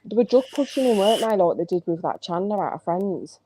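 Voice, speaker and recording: A woman's voice: medium pitch, animated, quick pace, warm tone. A woman chatting as a guest on a late-night show, giggly and talkative. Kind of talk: casual late-night chat.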